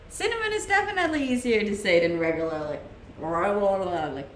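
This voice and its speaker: On a live stream from a room at home, a young Danish woman chats casually, answers viewers' questions and laughs often, her Danish accent evident. Her fairly high pitch swoops wildly while her pace stays moderate. Slight background noise colors the roomy home-mic sound.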